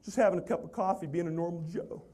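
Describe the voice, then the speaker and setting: Lively man with a higher voice, spinning a comic stage anecdote. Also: fast talker, slightly rough. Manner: animated, self-deprecating storyteller. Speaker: motivational speaker. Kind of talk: humorous storytelling talk.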